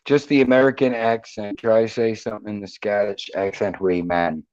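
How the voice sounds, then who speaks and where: A man's voice: fairly low pitch, steady tone, moderate pace, darkish tone, smooth, no room sound, lo-fi sound. A man with a Philadelphia accent hosting a casual, profane, joking chat show from home. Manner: jokey, profane, slips into mock accents. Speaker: podcast host. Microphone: computer mic.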